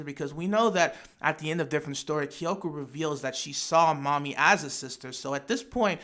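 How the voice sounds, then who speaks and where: Speaking fairly high, a bit fast, and with a sharp tone and hardly a pause, a man speculates casually about an anime fan theory. He thinks aloud in an imaginative, storytelling way, often restarting and repeating words.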